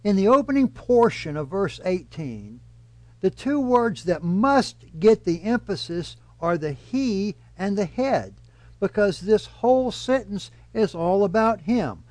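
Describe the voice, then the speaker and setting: High-voiced man preaching a measured sermon. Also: sing-song, a little mellow, no room sound. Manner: measured, emphatic teaching delivery. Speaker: pastor.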